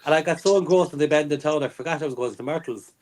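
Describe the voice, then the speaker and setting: An Irish man rattles through a story at a brisk clip, his voice a touch high. He talks casually and swears freely on a video call. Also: darkish tone. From Ireland. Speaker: quiz contestant. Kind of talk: casual chat.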